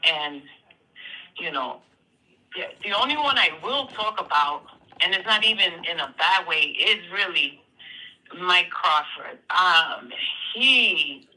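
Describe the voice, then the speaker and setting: A speaker on a live call-in stream, chatting casually in a hesitant, measured way with many fillers. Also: mid-range voice, expressive, bright, forceful tone, rough recording. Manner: hesitant, measured, full of "you know" and "um". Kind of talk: casual chat.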